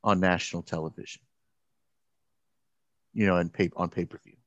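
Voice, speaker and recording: A man telling a story in casual conversation, halting, with many restarts and fillers. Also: low-pitched, steady tone, fairly bright tone, no echo, muffled recording.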